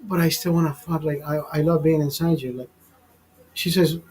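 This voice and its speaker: A man's voice: on the high side, little pitch movement, fairly quick, creaky, a little mellow, husky, faint music behind, low-quality recording. A man hosting a live stream, telling a personal story in a rambling, profane way full of fillers and restarts. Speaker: show host telling a story. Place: studio.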